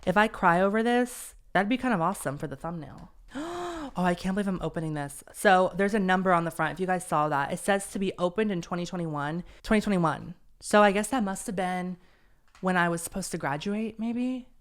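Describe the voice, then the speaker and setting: Young male podcast host, smooth clear voice, rambling and self-deprecating. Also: sits high, brisk. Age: young adult. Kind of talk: casual solo podcast chat.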